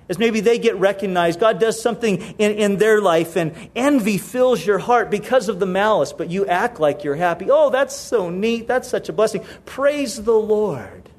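Male pastor, high voice, conversational sermon that repeats key phrases.

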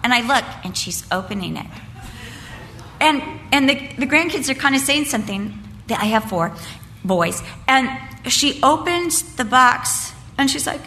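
An older woman gives a storytelling sermon with a bright, slightly high voice. She acts out family voices before settling into earnest preaching. Her voice carries through a large reverberant hall. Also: very animated, moderate pace. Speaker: speaker at a women's Christmas event. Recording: reverberant hall with faint background noise.

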